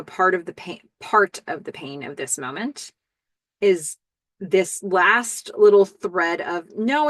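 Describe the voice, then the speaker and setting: A woman hosting a podcast, casually recapping a TV episode and musing aloud with fillers and quick laughs. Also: on the low side, fairly bright tone, no echo. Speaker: podcast host.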